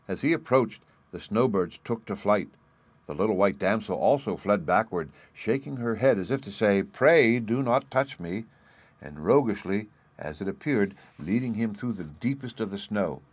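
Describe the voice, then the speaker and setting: A man giving a measured storybook narration. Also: lowish voice, no echo. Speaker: reader.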